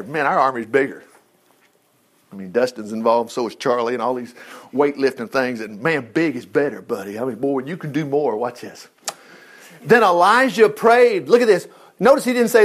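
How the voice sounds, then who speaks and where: A man preaching a sermon, retelling a Bible story and acting out its people. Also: on the high side. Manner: animated, acts out the people in the story.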